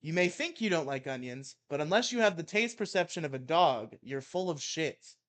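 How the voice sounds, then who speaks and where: A young man with a fairly high voice reads a comic rant aloud to his co-host. He hams up the outrage and keeps breaking into laughter. The talk is loose and chatty. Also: expressive, moderate pace, fairly bright tone. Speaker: co-host reading an article aloud. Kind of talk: casual chat and comic dramatic reading.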